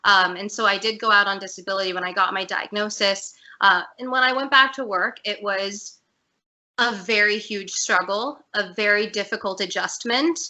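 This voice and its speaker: A woman speaks as a guest over a video call, her voice bright and clear. She talks openly and earnestly about her own life, at a mid pitch for a woman. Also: moderate pace, lo-fi sound. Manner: earnest, candid, emotional at times. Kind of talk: personal story in an interview.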